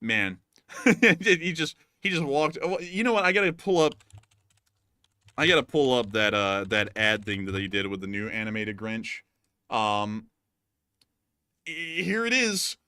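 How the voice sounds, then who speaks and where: A man's voice: mid-range voice, animated, unhurried, long pauses, sharp tone, clear, resonant tone, dry recording, clean studio sound. A man hosting a casual war news show, rambling and joking with many fillers. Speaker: host.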